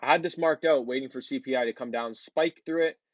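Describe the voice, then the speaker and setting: A man talks viewers through trading charts in a relaxed, rambling way, dropping ums and filler words as he goes. His voice sits at an ordinary middle pitch. The recording is muffled and lo-fi, with a close, dry sound and no room echo. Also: fairly quick. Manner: loose, chatty, many ums and honestlys. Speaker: trading educator. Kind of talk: casual screen-share chart walkthrough.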